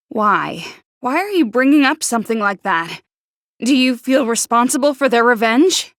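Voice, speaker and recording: Prickly teen girl, game character, high voice, stammers, snappish, dry close sound. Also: very animated, unhurried, a bit bright, dry recording. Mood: exasperated. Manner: stutters on first sounds when flustered. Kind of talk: video game voice acting.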